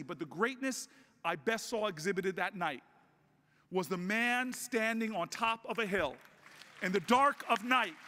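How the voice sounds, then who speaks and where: A man giving a convention speech, telling a story and building up to shouted rallying calls. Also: high-pitched. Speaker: political speaker. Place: large convention hall. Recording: long hall reverb.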